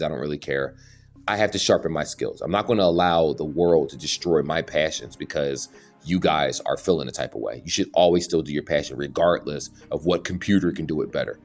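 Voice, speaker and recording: A man's voice: very deep voice, a little mellow. A man talking to his channel viewers in an earnest, preachy way, now and then stumbling over his words. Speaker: YouTube channel host. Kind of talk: casual opinion monologue.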